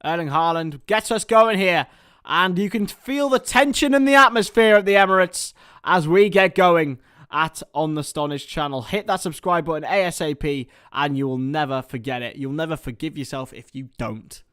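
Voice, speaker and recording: A man doing chatty live football commentary for a watchalong stream, excitable and talking to his viewers. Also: a little high, moderate pace, clean tone, no echo, clean studio sound.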